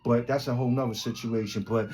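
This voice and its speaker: A man tells a story from his past in an easy, mid-pitched voice. He rambles and restarts, piles on street slang and curses, and gets lively when he reaches the tense parts. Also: quick pace. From Brooklyn, New York. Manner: slangy, rambling, animated, swears a lot. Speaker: podcast host. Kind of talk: casual storytelling.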